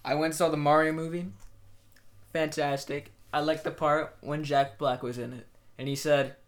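A young man hosting a casual podcast chat, animated and prone to loud bursts when he does voices. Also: a little high, moderate pace. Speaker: podcast host.

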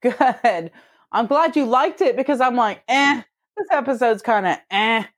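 A woman's voice: a little high, animated, a little slow, no echo, clean studio sound. A woman co-hosting a comedy chat, reading out facts in a matter-of-fact way. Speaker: co-host presenting facts.

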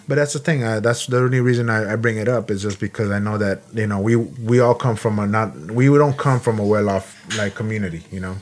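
A man's voice: on the low side, fairly quick, few pauses. Blunt, cursing Marine veteran man. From Los Angeles, USA. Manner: blunt, heated, swears freely, many restarts. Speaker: podcast co-host, Marine veteran. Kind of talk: casual podcast chat.

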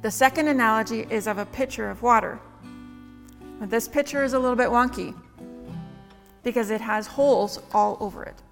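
A woman preacher giving a conversational sermon, full of rhetorical questions and quick "right?" asides. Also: fairly high pitch, creaky. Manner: conversational, asks many rhetorical questions with tag questions. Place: church hall. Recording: long reverb in a hall with faint music.

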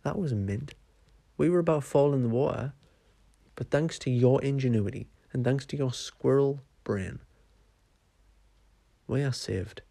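A man's voice: mid-range voice, unhurried, creaky, long pauses, mellow, dry recording. Lord Rama, a man doing a slangy hero king. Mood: grateful. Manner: casual, slangy praise. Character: grateful casual male god-king hero.

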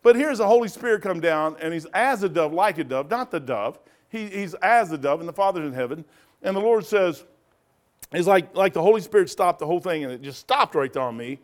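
A man teaching a Bible study in a rambling sermon style, animated, often laughing and digressing, with sudden loud bursts. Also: high voice, fairly quick.

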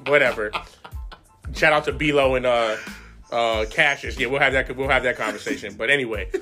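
A man's voice: mid-range voice, normal speed, pushed and bright, soft background music. A man co-hosting a casual sports podcast, talking emotionally and rambling with restarts. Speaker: podcast co-host.

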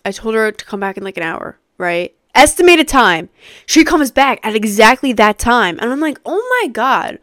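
Twenty-something woman ranting on her podcast, cusses a lot, clean smooth voice, dry close mic. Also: a little high, moderate pace, dry recording. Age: 20s. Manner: animated, swears freely, many fillers. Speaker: podcast host. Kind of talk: casual storytelling rant.

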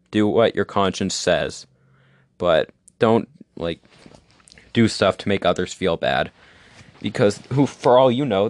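A young podcast host delivers a casual, rambling monologue in a lowish voice, packed with "like" and restarts and sure of his opinions. The recording is dry and close, with no room sound.

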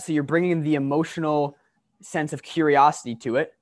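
A man's voice: on the high side, level tone, a little fast. A man hosting a podcast, curious and enthusiastic, asking questions in loose, casual talk. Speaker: podcast host.

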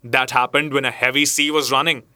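A man reading a story aloud as narrator, in a measured storytelling manner. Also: mid-range voice, level tone, sharp tone, no echo, clean studio sound. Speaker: audiobook narrator. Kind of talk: scripted narration.

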